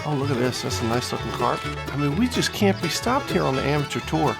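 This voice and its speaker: A man with a slightly raised, gravelly voice hosts a gaming video, calling the action with excitable, joking trash talk. Game music plays clearly under him. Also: a little high, fairly quick. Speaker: gaming channel host. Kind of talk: casual gameplay commentary.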